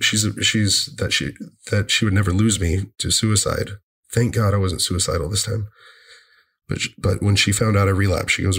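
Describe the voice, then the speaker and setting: A man sharing a personal story in an earnest, halting way, often repeating himself. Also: lowish voice, fairly even intonation, fairly bright tone, breathy edge.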